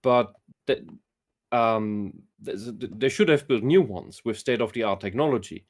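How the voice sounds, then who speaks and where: Male guest, mid pitch, blunt, opinionated, casual. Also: unhurried. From Germany. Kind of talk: casual conversation.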